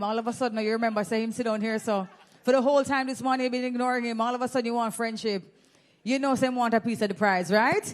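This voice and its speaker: Jamaican woman MC, high voice, teasing crowd-work host on a handheld mic. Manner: playful, teasing, exclamatory. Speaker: event host. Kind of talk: lively audience giveaway hosting. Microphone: handheld microphone.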